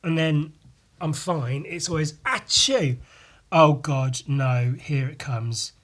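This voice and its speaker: A man hosting a casual solo podcast, hoarse and losing his voice, rambling, swearing freely and putting himself down. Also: fairly high pitch, takes it slowly. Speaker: podcast host.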